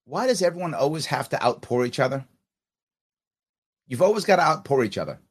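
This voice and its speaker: A man's voice: fairly high pitch, very animated, quick pace, slightly rough. A man with a New York accent, hosting a podcast and giving blunt, scornful live commentary over clips of a speech. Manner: blunt, scornful, heats up as he talks.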